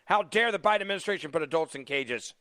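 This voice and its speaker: A man hosting a talk radio show as fill-in, mocking and animated, taking callers. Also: a little high, quick pace, dry recording. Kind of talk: opinionated talk radio monologue. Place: radio studio. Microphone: studio microphone.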